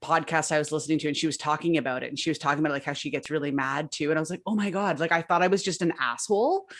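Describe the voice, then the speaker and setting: A young adult woman co-hosting a casual chat, telling stories in an animated way full of "like" fillers. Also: low-pitched, rapid-fire. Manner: animated storytelling, many "like" fillers. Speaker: podcast co-host.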